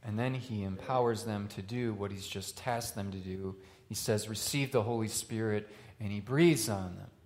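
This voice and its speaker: Man preaching with dramatic rises and hushes. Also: on the low side, moderate pace, few pauses. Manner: dramatic swings from loud questions to hushed lines. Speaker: pastor. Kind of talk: sermon.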